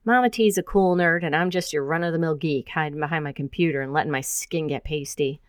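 A woman's voice: low-pitched, a little fast, clear, resonant tone, dry recording, clean studio sound, natural voice. A woman voicing a wry, grumbling young female graduate student who hacks.

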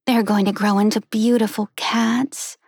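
A woman's voice: level tone, unhurried, breathy edge, dry recording, clean studio sound. A woman voicing a gushing young woman cooing over kittens in a storybook. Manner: gushing, high and loud.

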